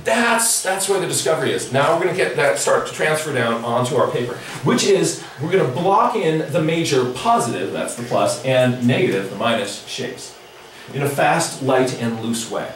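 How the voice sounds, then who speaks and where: A middle-aged man leading a drawing workshop, chatting with his audience in a playful, animated way. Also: medium pitch, normal speed. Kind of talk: live workshop lecture. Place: large echoey lecture room. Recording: echoey hall recording from far off.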